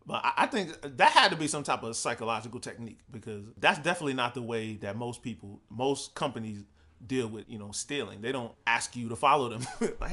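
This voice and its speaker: A man's voice: mid-range voice, lively intonation, fairly quick, sharp tone. A young man from Providence telling a story in a laid-back, profane way, laughing as he talks. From Providence, Rhode Island. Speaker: podcast host. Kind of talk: casual storytelling.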